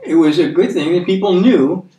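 A man with an American accent giving a conversational sermon, earnest, repeating words for emphasis and reading scripture slowly. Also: high voice, lively intonation, warm tone. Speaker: preacher. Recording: echoey room, mic at a distance.

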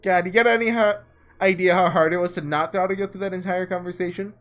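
A man's voice: high voice, steady tone, quick pace, fairly bright tone. A man voicing a scornful young man from the slums, speaking in a slangy, mocking drawl.

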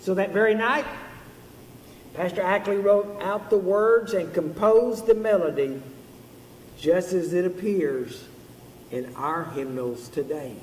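A man's voice: sits high, takes it slowly, darkish tone, far from the mic, a little hiss or hum. A man preaching a sermon as pastor, telling a story in an earnest way. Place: church sanctuary. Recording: roomy hall from afar.

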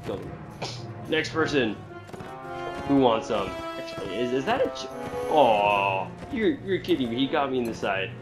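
A man commentating while he plays a video game, reacting with frequent excited outbursts and exclamations. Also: medium pitch, moderate pace, music in the background. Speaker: gamer. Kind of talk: gameplay commentary.

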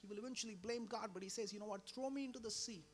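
A man preaching a sermon as a pastor, swinging between loud emphatic lines and hushed, low drops. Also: rapid-fire, a little hiss or hum. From India.

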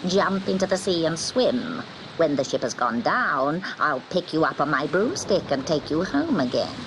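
A woman voicing a spiteful flying female sea witch, slow and sharp-tongued. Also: low voice, big pitch swings, background noise. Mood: coaxing.

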